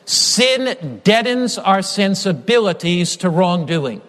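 Male preacher, high voice, emphatic sermon delivery, long hall reverb. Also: sing-song, fairly bright tone. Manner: emphatic, repetitive phrasing, slows down on key lines.

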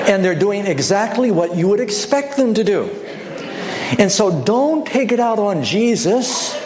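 A high-voiced man preaches a sermon, telling stories with animation and acting out the dialogue in shifting voices. There's a little hiss or hum on the recording.

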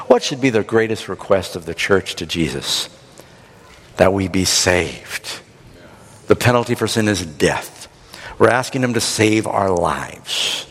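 A man preaching a sermon, retelling a scripture story in an animated, dramatic way. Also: lowish voice, measured pace, gravelly, breathy edge, big-room sound. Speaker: pastor.

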